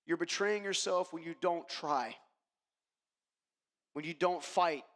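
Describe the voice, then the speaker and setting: High-voiced man giving a keynote in a hall. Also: slow pace, fairly bright tone. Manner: emphatic, addresses the audience directly. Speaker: keynote speaker. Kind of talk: motivational keynote storytelling. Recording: long reverb of a large hall.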